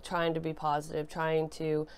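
A young woman with a cold gives a casual tarot reading. Her low voice sounds nasal and stuffy but stays smooth and resonant. She talks in a loose, chatty way full of fillers. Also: completely flat delivery, normal speed. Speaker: tarot reader.

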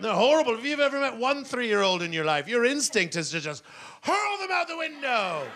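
A middle-aged man doing stand-up comedy on stage, rambling and self-mocking, now and then bursting into shouted voices. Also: very high-pitched, sing-song, a little fast, hardly any pauses, crowd noise. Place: comedy stage before a laughing audience.

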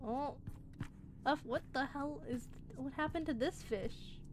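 A woman giving excitable let's play commentary, reacting out loud and swearing as she plays. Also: high-pitched, unhurried, noisy background. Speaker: gaming channel host.

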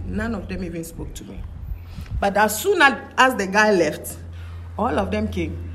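A young woman tells a personal story in a casual vlog, animated and indignant, with swearing scattered through it. Her pitch sits in the middle of the usual range. A clear, steady background noise runs underneath her voice. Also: normal speed. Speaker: vlogger.

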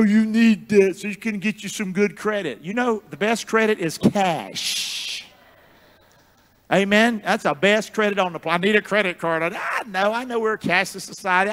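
A man preaching a sermon as pastor, with call-and-response, booming shouts and hushed asides. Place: church sanctuary.

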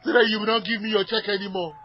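Agitated Nigerian man shouting on a call. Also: sits high, fairly even intonation, racing, slight background noise. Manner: agitated, shouting, repeating himself. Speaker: caller. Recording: muffled archival emergency call audio.

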